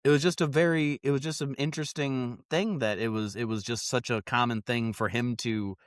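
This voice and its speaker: A man hosting a podcast, telling a story in a casual chat, animated and full of fillers and restarts. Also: mid-range voice, a little fast, no echo, clean studio sound. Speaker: podcast host.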